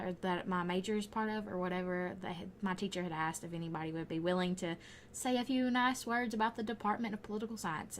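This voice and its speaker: A woman's voice: lowish voice, a bit bright. Young woman, Southern Alabama accent, chatty rambling YouTuber commentary, with a faint hiss under the voice. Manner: rambling, chatty, often laughing. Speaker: gaming YouTuber. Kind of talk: casual voice-over commentary.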